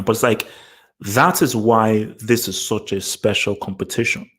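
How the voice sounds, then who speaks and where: A man hosting a casual live football post-match analysis stream, excitable and rambling, with lots of restarts and repeated words. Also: lowish voice, a little slow. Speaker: livestream host.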